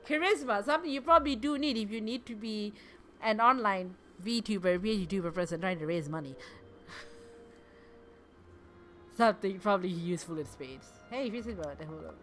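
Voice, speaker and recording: A woman's voice: medium pitch, normal speed, a bit bright. A woman VTuber chatting casually and rambling while she plays a game on a fundraiser stream, laughing often and swearing now and then. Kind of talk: casual live-stream chat while gaming. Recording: game music playing clearly behind.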